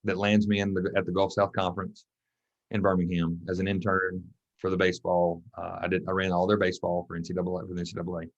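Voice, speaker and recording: Man telling stories, low dull audio. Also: quick pace. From Mississippi. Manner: animated storytelling, acts out quoted voices. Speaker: guest, track and football coach. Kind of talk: casual storytelling interview.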